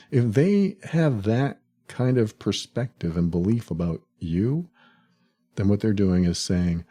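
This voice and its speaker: A man with a low, mellow voice talking through a solo podcast monologue. He is reflective and unhurried. Now and then he slips into other people's words in a higher voice. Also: animated, slightly rough. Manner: reflective, acts out quoted lines with sudden higher pitch; laughs at the absurdity. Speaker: podcast host.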